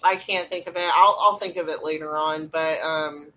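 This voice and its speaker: A young adult woman, co-hosting a podcast and retelling a ghost hunt in a rambling, animated way with lots of fillers. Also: sits low, normal speed, low-quality recording. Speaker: podcast co-host. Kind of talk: casual storytelling chat.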